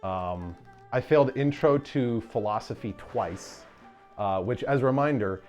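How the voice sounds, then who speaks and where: A man's voice: medium pitch, measured pace, a little mellow, faint music behind. A man streaming a game speedrun, chatting casually and telling rambling, self-deprecating stories full of fillers. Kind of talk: casual chat during a livestream.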